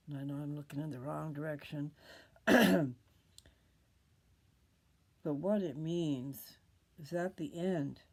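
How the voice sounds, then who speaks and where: An older woman hosting a casual scripture talk, rambling, pausing often and drifting into whispers. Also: rumbling low, a little mellow, husky. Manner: rambling, pauses often, loses her train of thought. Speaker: video host reading scripture.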